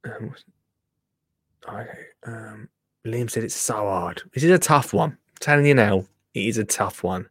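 A man's voice: fairly low pitch, lively intonation, moderate pace, few pauses, fairly bright tone, dry recording. Guy hosting a live stream, chatty, mutters to himself, dry sound. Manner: chatty, laughs often, mutters and trails off while using the computer. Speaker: livestream host. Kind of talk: casual live-stream chat.

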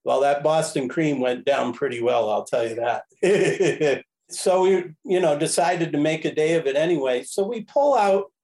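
Animated man telling a rambling story. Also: a little high, measured pace, poor audio. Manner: animated, rambling, self-correcting with frequent chuckles. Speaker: podcast guest, railroad history enthusiast. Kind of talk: casual anecdotal storytelling.

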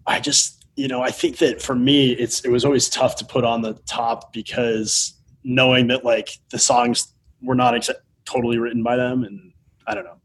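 A man hosting a casual podcast chat about music, enthusiastic and quick to agree. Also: medium pitch, steady tone, husky.

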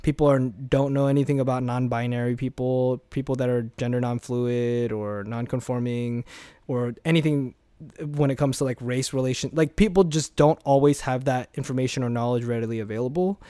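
A man's voice: medium pitch, steady tone, a little fast, mellow, clean tone, dry recording. A young man, a former speech competitor, chatting casually as an interview guest, rambling with restarts and swearing freely.

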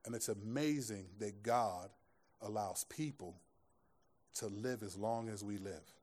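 A man's voice: on the low side, unhurried, a little mellow. A man pastor giving a sermon to a live congregation in a conversational style, mixing scripture with jokes and asides. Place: church room with a live audience.

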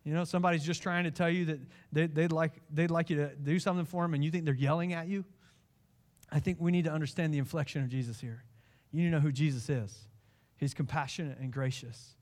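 A man preaching a sermon as pastor, impassioned, swinging from hushed lines to pleading ones. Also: fairly high pitch, fairly even intonation, fast.

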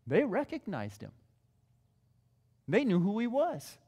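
Sex: man. Role: pastor. Style: conversational sermon, repeats key phrases. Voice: high. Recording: long hall reverb. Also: sing-song, normal speed, darkish tone.

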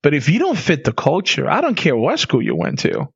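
A man co-hosting a casual podcast talks with an emphatic, animated manner and laughs often. His voice sits a bit high and swings widely in pitch. The recording is dry and slightly dull. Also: a little fast, creaky, slightly rough, no room sound. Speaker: podcast co-host. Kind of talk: casual conversation.

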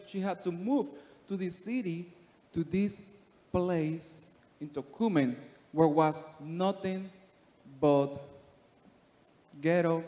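A man tells his life story before a congregation, earnest and steady. His voice sits a little high for a man. The long reverb of a church sanctuary trails every phrase. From Panama. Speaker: guest giving testimony. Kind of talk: personal testimony in church.

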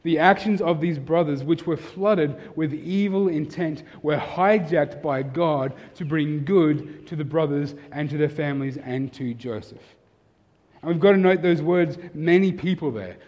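A pastor delivering a sermon, swinging from emphatic, raised passages to soft, intimate ones. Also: male voice, on the high side, measured pace, lo-fi sound. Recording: long hall reverb.

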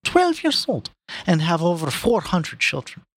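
A man putting on a solemn old boar preaching revolution to the farm in a hammy Russian accent. The voice swoops high and low with a bright, slightly husky edge. It is a dry, close recording. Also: huge pitch swings, measured pace, dry recording, exaggerated voice. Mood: mournful. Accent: put-on Russian. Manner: booming speechmaking, slips out of character into laughter. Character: old male boar rallying farm animals, grave and fiery. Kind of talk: comic dramatic reading.

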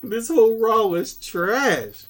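A man co-hosting a casual wrestling podcast, ranting in an animated, profane and excitable way. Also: sits high, slow. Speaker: podcast co-host.

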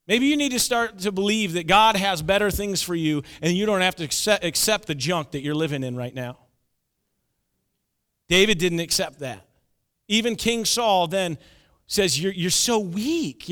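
A male pastor preaching a sermon, telling stories with animated delivery and acting out the characters' lines. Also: sits high.

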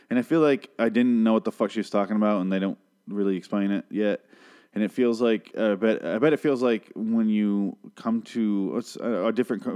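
A young man casually recapping a TV episode, rambling and sarcastic, swearing freely and slipping into quick mock voices for the characters. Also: lowish voice, warm tone, smooth.

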